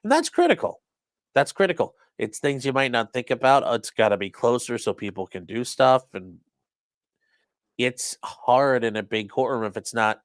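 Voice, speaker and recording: A man's voice: medium pitch, no echo. Casual, profane male trial commentator. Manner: loose and profane, acts out courtroom quotes. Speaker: defense attorney commenting on a trial. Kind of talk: casual live-stream commentary.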